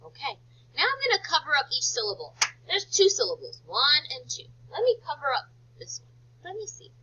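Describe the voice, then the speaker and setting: Animated, high-voiced woman teaching phonics. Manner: slow, sing-song, exaggerated teacher talk. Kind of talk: phonics lesson for young children. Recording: dull lo-fi recording.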